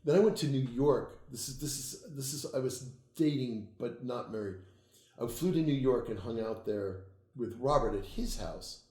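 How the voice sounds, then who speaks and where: Profane storytelling guy, animated, echoey room sound. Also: mid-range voice, moderate pace. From United States. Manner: profane, animated storytelling, laughs at own tales. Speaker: interview guest, occult author. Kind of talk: casual storytelling interview.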